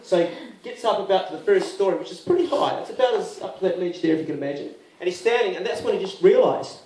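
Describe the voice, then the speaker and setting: A man's voice: high voice, lively intonation, quick pace, darkish tone, roomy sound, distant mic, a little hiss or hum, low-quality recording. A man with a New Zealand accent telling a comic story live, acting out other people's lines. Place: live venue with audience. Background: audience laughter.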